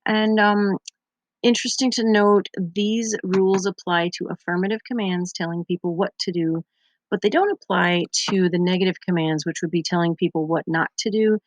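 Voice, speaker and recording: A woman's voice: lowish voice, steady tone, moderate pace. A Spanish teacher, a young woman, patiently explaining grammar step by step over her slides in a recorded lesson. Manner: patient, methodical explaining with examples.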